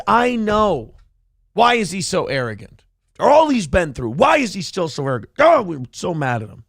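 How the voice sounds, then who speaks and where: A man's voice: sits high, fairly bright tone, dry recording. A man hosting a livestream, giving a sarcastic, boastful, mock-solemn monologue into a close studio mic. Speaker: radio host streaming.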